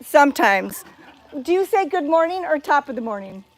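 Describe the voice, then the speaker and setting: A bubbly, chatty woman with a fairly high voice, filming a casual vlog while she walks around outdoors. She talks into a handheld phone camera with plenty of enthusiasm. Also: sing-song, moderate pace. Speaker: cat sanctuary vlogger. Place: outdoors at a cat sanctuary.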